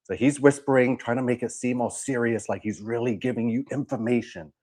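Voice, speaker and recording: A man's voice: mid-range voice, fairly even intonation, brisk, a little mellow. Emphatic preaching man. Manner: emphatic, scornful, warning repeatedly. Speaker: host of a religious commentary channel. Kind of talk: preachy commentary.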